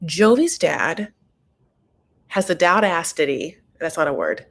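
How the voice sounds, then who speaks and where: A woman's voice: lowish voice, very animated, slow, creaky. A woman hosting a casual show recap, talking in a gossipy, profane, ranting way.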